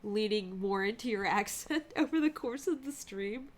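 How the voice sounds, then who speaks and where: A woman's voice: mid-range voice, expressive, moderate pace. A woman artist on a live stream, chatting casually while she sketches, gushing and laughing often.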